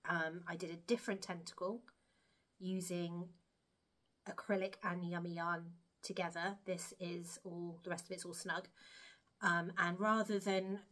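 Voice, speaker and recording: A woman's voice: on the low side, fairly bright tone. A woman chatting casually to camera about her crochet projects, rambling and self-deprecating. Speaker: crochet vlogger.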